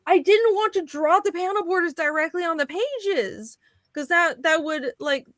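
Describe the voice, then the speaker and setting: A woman's voice: very high voice, moderate pace, a bit bright, no echo. A woman co-hosting a comics livestream, chatting casually in a rambling way that trails off and restarts. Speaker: co-host and comic artist.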